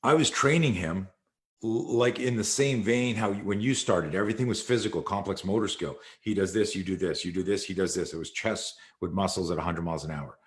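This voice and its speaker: A man's voice: sits low, brisk. A man, a martial arts instructor, telling a long story in an interview and acting out quoted dialogue. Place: live video call.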